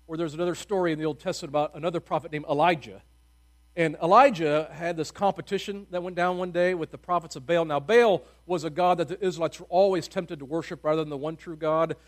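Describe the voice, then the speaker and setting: Preacher guy telling bible stories casually, kinda high voice, goes loud then drops real quiet, jokey. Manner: folksy, humorous retelling with loud bursts and hushed drops. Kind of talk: conversational sermon storytelling.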